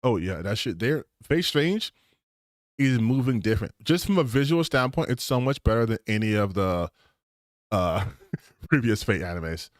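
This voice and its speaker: A man ranting casually on his stream, animated and profane, with bursts of excitement. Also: lowish voice, normal speed, dry recording, studio quality.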